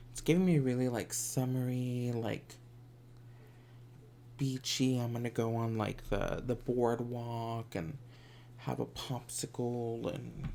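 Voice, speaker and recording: A man's voice: mid-range voice, creaky, noisy background. A man chatting through a makeup tutorial in a campy, sassy way, sometimes dropping into whispered asides. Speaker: makeup vlogger. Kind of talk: casual makeup tutorial chat.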